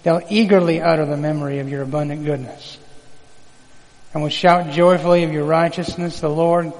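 A man's voice: fairly high pitch, fairly even intonation, moderate pace, darkish tone, long reverb tail, poor audio. A man preaching a sermon in a folksy, conversational way, calling on the congregation to repeat words back. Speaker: pastor.

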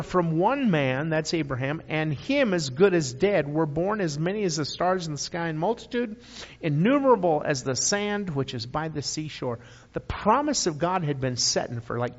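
An older man preaching a sermon in a church, emphatic, repeating key phrases with folksy asides. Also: on the high side. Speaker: guest preacher. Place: church sanctuary. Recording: dull audio with long hall reverb.

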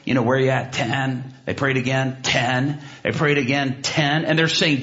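A man preaching and telling a story, animated, with many restarts and asides, jumping into loud, high bursts when he acts out what people said. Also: normal speed. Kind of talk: sermon storytelling. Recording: dull lo-fi sound.

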